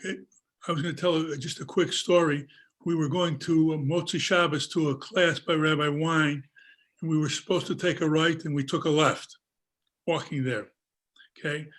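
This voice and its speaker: Older man, slightly high voice, plain storytelling on a call. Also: steady tone, moderate pace, a bit bright. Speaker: participant. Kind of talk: telling a short anecdote.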